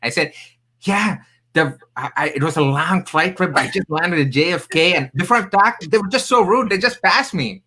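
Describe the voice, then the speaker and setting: Appearing as a podcast guest, this career coach speaks in a bright, high-pitched voice with a breathy edge, a moderate pace, and a non-native English accent. He tells stories emphatically and with animation, sprinkling in jokey asides, on a low-quality recording of a casual interview.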